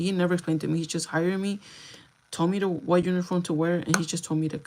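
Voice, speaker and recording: A young woman livestreaming, telling a story to her viewers in a chatty, animated way, swearing freely and slipping into Spanish. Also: fairly low pitch, fast, noisy background. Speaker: livestream host.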